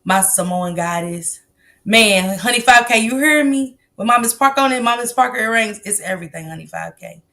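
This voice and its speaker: Bright-voiced woman hosting a livestream. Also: a little high, lively intonation, fairly quick. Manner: greets viewers by name, slangy, loose. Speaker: livestream host. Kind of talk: casual chat with live chat viewers.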